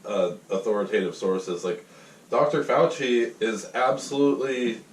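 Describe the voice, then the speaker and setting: A man guesting on a casual podcast, making measured, wry comments with pauses. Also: lowish voice. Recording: roomy, distant mic with faint ambience.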